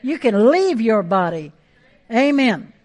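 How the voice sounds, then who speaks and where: A woman's voice: a little high, very animated, takes it slowly, darkish tone. A woman pastor, preaching a sermon with emphatic, repeated phrases.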